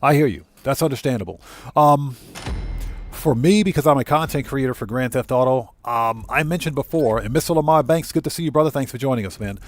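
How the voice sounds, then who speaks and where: Male game streamer, relaxed rambling live commentary, mid-pitched. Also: brisk. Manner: rambling, easygoing, many fillers and self-corrections. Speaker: GTA streamer and content creator. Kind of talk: live gameplay commentary, reading chat.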